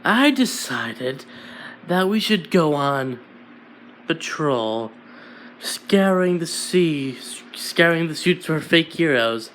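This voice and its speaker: A man voicing a calm, menacing young male villain boss, making his voice deeper and speaking slowly. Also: a little hiss or hum, exaggerated voice. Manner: deepened, slow and soft-spoken.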